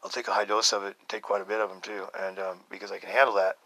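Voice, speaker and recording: A man in his fifties telling a story as a podcast host, casual and excitable, swearing and laughing often. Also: sits low, quick pace, dry recording. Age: 50s.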